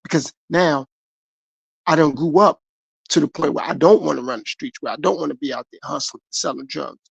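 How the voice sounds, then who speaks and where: A man's voice: fairly high pitch, brisk, creaky, slightly rough, dry recording. A middle-aged man from the United States, talking earnestly and repetitively about his own life in a motivational podcast monologue. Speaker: podcast host.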